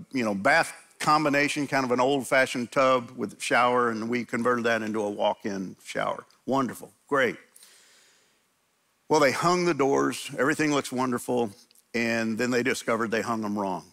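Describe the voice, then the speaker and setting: A middle-aged male pastor gives a chatty, animated sermon in a church. His voice is bright and forceful with a gravelly edge. He tells stories lively and acts out the quotes. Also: medium pitch, moderate pace. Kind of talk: conversational sermon. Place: church sanctuary.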